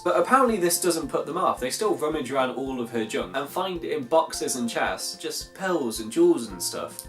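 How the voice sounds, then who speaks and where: Sarcastic, lively storyteller over faint guitar. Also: mid-range voice. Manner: sarcastic, incredulous, sweary asides. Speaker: video host. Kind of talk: reading a fairy tale aloud with sarcastic commentary.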